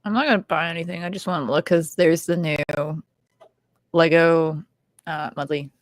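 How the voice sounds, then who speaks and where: A woman's voice: low voice, fairly even intonation, normal speed, dry recording, studio quality. A woman co-hosting a casual livestream chat in a playful, easygoing way, laughing often, talking over an online call. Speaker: co-host.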